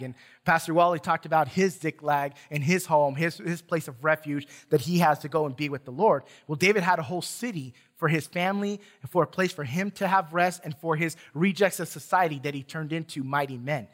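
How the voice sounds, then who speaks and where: A man preaching in a church, his voice pitched a little high for a man. He talks like he's chatting with the congregation, cracking jokes and stumbling over his restarts as he goes. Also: fairly quick, few pauses, fairly bright tone. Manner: conversational preaching with humor, stammered restarts. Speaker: pastor. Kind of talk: sermon.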